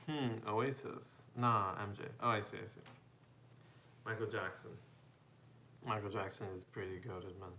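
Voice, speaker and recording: A man from the United States chatting casually as a live streamer, reading out viewer comments and answering them in a relaxed way, often laughing and calling people "bro" and "man". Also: lowish voice, measured pace, long pauses, a little hiss or hum. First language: bilingual with Spanish, parents from Mexico. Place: home room.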